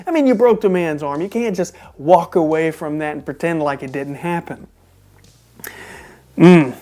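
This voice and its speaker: A reviewer from Texas recapping a wrestling show in a casual commentary style, animated and incredulous, with joking asides. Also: medium pitch, moderate pace.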